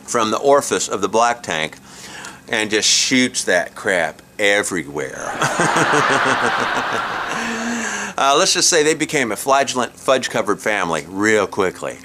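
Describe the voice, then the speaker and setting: A man's voice: fairly low pitch, sing-song, moderate pace, noisy background. A middle-aged man telling a comic story in a folksy way, chuckling at his own jokes, recorded outdoors at a campsite. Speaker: comedic storyteller host.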